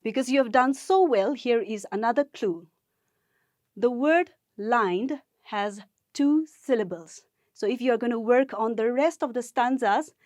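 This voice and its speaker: A woman teacher from Nagaland, India, leading a gamified poetry lesson for school students in a slow, encouraging way. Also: a little high, darkish tone, dry recording, studio quality. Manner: encouraging, speaks slowly and deliberately to learners.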